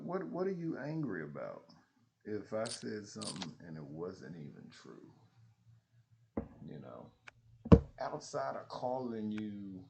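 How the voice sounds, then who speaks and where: Blunt, gravelly-voiced man ranting. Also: low voice, very noisy. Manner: blunt, profane, laughs often; animated storytelling. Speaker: streamer. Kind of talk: casual monologue.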